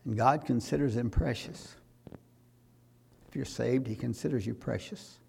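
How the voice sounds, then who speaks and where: Gravelly-voiced preacher man. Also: medium pitch, unhurried, a little hiss or hum. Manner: preachy, rising to loud fervent exhortation. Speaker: pastor. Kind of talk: sermon.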